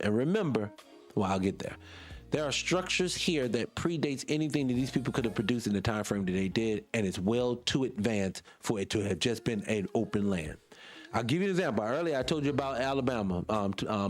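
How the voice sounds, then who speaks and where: Animated Southern man preaching off the cuff. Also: mid-range voice. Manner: preachy, animated, rhetorical questions, swears casually. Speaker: radio show host. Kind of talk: off-the-cuff monologue.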